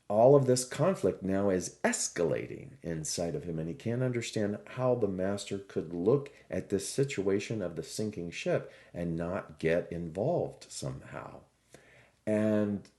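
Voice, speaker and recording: A man who teaches spirituality, telling a parable in a reflective, expressive sermon. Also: low voice. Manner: slow, reflective, expressive storytelling. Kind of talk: storytelling sermon.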